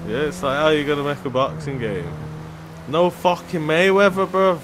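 A young man with a London accent giving casual commentary over a game, slangy and joking, jumping from mutters to loud shouts. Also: on the high side, normal speed, noisy background. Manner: loud swings into shouted excitement, slangy banter. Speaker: gaming YouTuber. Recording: music playing behind the voice.

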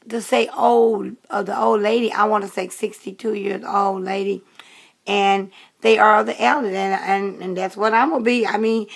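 Slow, gravelly woman in her fifties. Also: mid-range voice. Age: 50s. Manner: rambling, unhurried, with many fillers and restarts. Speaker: vlogger. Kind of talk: casual chat to camera.

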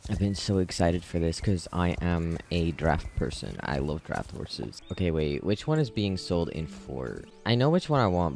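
A man giving casual gameplay commentary, gushing and excitable with frequent gasps. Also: low-pitched, vocal fry. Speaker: gaming video creator.

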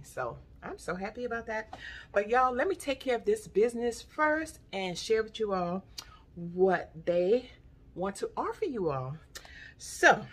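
A woman chatting excitedly to viewers in a casual haul vlog, calling them y'all. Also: medium pitch, husky. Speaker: vlogger.

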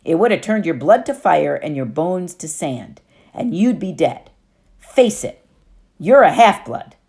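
A woman's voice: sits low, sing-song, a little slow, vocal fry, warm tone, heavily acted. A woman voicing a knowing, clever teen girl. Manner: knowing and explanatory. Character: clever, self-assured teenage girl.

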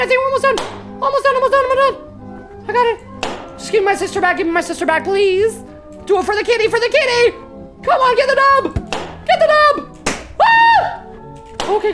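High, shrieking woman streamer. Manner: panicky, swearing, shrieking repeated exclamations. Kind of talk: live horror game commentary. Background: game music.

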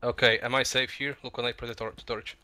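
Guy with a cold, bright forceful voice, stumbles and repeats himself mid game chat. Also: medium pitch, flat delivery. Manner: halting, repeats words. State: has a cold. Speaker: game player. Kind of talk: casual gaming chat.

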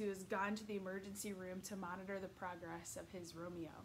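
A woman reading a children's novel aloud in steady, expressive storytelling narration. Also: medium pitch, slight background noise. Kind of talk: read-aloud book narration.

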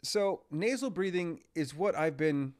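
A man's voice: on the high side, animated, measured pace, a little mellow. A man, a breathwork coach, talking energetically and impulsively as a podcast guest, acting out his examples. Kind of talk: casual podcast conversation.

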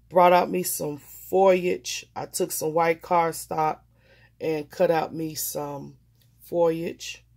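A woman's voice: low-pitched, vocal fry, a little mellow. A woman vlogger showing her mixed-media craft projects in a casual, gushing, emotional, folksy way. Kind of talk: casual show-and-tell.

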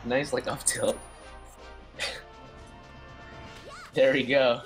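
A young man casually commentating a computer fighting game tournament, excitable and slangy, swearing often. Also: medium pitch, very slow, faint music behind. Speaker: stream commentator.

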